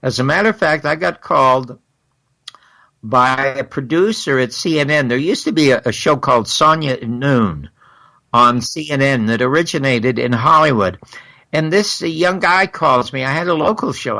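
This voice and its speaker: An older man, a guest in an interview, recounting stories in an animated way and acting out the exchanges he quotes. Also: mid-range voice, moderate pace, creaky. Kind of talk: storytelling in a long interview.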